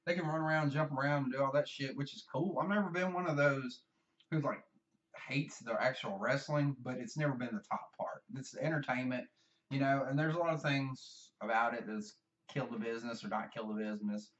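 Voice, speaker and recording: A man's voice: medium pitch, brisk, a bit bright, recorded from a distance, highs cut off. A man with a Southern US accent, rambling profanely and self-deprecatingly in a casual vlog monologue. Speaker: vlogger.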